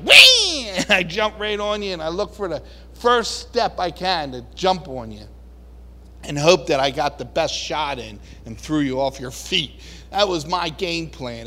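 A man preaching a sermon in a folksy, animated way, now and then acting out voices and shouting. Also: on the high side. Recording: long reverb of a large hall.

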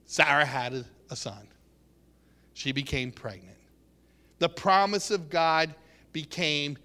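High bright-voiced preacher in a hall. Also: male voice, takes it slowly, long pauses. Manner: earnest, acts out quotes, many restarts. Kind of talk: sermon.

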